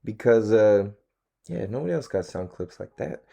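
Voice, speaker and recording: A man's voice: fairly low pitch, lively intonation, moderate pace, vocal fry, mellow. A man hosting a casual solo podcast, talking in a laid-back, slangy and profane way and laughing often. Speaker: podcast host.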